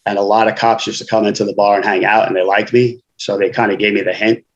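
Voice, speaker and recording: A man's voice: fairly low pitch, flat delivery, fast, lo-fi sound. A man, a guest author telling his life story frankly in casual conversation, often saying "you know".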